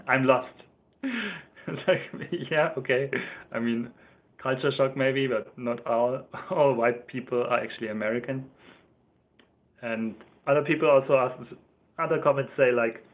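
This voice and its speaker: A man's voice: mid-range voice, measured pace. German guy rambling on a livestream, laughs a lot, thin phone-ish audio. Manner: chatty, rambling, laughs often, reads out chat comments. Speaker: livestream host. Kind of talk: casual livestream chat. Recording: tinny phone-like sound.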